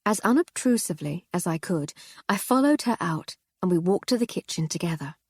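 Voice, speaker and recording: A woman narrating an audiobook in a wry, measured storytelling manner. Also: on the low side, lively intonation, husky, no room sound, clean studio sound.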